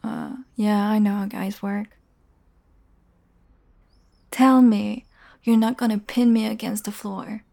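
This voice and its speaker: A woman's voice: medium pitch, fairly even intonation, slow, gravelly, long pauses, dark tone. A young woman in a casual audio role-play, talking straight to the listener, teasing and swearing freely and often dropping into a whisper.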